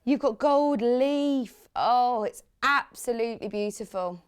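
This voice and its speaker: A woman's voice: a little high, measured pace, smooth. A woman presenting fabrics on live shopping television, chatty and gushing, reading out viewer comments as she talks. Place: TV studio.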